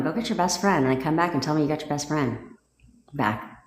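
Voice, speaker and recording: A woman coaching viewers on a casual livestream, blunt and profane and quick to laugh as she greets people and cheers them on. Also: deep voice, expressive, reverberant. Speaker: manifestation coach hosting a livestream.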